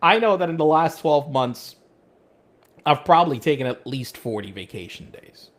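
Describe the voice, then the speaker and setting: A man's voice: on the high side, moderate pace. A middle-aged man co-hosting a podcast in casual chat, talking animatedly with profanity and many stammering restarts. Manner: animated, profane, acts out quoted speech. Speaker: podcast co-host.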